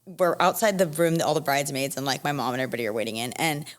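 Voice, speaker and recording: A woman's voice: rumbling low, rapid-fire. A young woman telling a story in casual chat, acting out quoted lines with a shifting voice. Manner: animated, acts out quotes with shifting voice. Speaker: podcast guest.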